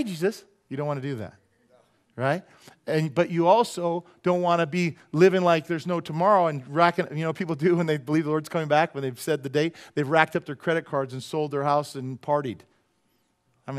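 A male pastor preaching a lively sermon in a slightly higher-than-usual voice. He talks in a conversational, joking way, punching some phrases loudly and dropping others to near-quiet asides. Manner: animated and conversational, swinging between loud emphasis and quiet asides; jokey, drops into quick playful voices.

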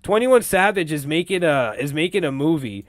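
A young male podcast host riffing on film news, profane and rambling, breaking into laughs. His voice sits a touch high. The recording is close and dry. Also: animated, moderate pace, no room sound. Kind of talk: casual entertainment-news commentary.

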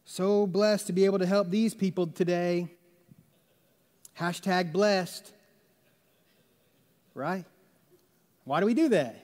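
A man delivers a sermon to his congregation, loose and chatty, with plenty of jokes and rhetorical questions. His voice sits high for a man. The sound carries a long reverb from the church hall. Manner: conversational, jokey storytelling with rhetorical questions. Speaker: pastor. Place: church sanctuary.

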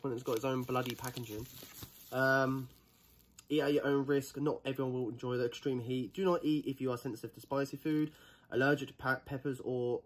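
A man's voice: mid-range voice, slight background noise. A young man vlogging casually, nervous and rambling, with plenty of swearing, recorded outdoors in the sun. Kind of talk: casual vlog chatter.

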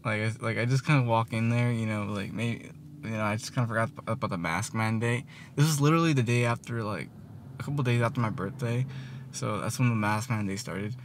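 A man's voice: on the low side, brisk, slight background noise. A man, telling a rambling, profane storytime vlog full of fillers. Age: 20s. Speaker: vlogger. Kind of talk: casual storytime rant. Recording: music playing behind. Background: music.

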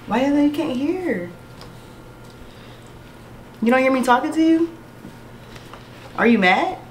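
A woman's voice: sits high, expressive, slow, roomy sound, slight background noise. Young woman pestering on and on. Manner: pestering, repeating the same questions over and over. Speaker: vlogger. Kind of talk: casual prank vlog.

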